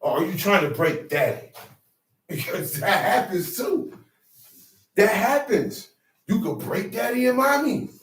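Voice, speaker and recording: A man preaching with a high voice that rises and falls widely. He talks in an emphatic, streetwise way that draws answers from the room. He sounds distant, and the room echoes. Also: sing-song, measured pace, long pauses, a bit bright. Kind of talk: sermon teaching.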